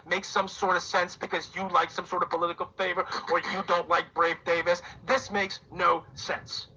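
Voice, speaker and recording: A Bahamian man in his forties rants on a talk radio show in a high, bright, husky voice that hammers each point with repetition and sarcasm. The sound is dull and lo-fi, like a radio broadcast. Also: little pitch movement, moderate pace. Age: 40s. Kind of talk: impassioned on-air rant.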